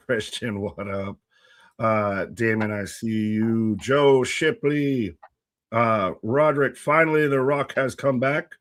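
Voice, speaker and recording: A man's voice: medium pitch, slow pace, dry recording, studio quality. Man co-hosting a wrestling live stream. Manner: jokey, reads out chat names and shout-outs. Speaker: co-host of a live wrestling watch-along stream. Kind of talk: casual live-stream chat.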